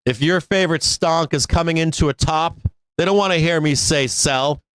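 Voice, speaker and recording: Blunt, profane trading-stream host, dry sound. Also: male voice, fairly high pitch, moderate pace, fairly bright tone, smooth, no room sound. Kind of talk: casual live-stream rant.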